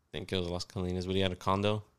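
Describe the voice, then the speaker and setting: A man's voice: low-pitched, little pitch movement, rapid-fire, fairly bright tone, smooth. A young man in casual podcast chat, laid back and profane, telling stories.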